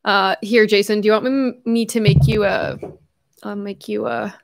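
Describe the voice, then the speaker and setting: A young adult woman hosts a casual livestream from home, chatting effusively and reading viewer messages aloud, full of quick asides and self-corrections. Her mid-range voice is gravelly, with a steady tone.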